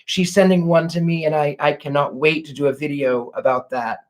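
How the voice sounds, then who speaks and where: Male psychic host, fairly high voice, gentle and gushing, casual livestream chat. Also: steady tone, brisk. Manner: gentle and effusive, fond of 'lovely' and 'dear'. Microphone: home livestream setup.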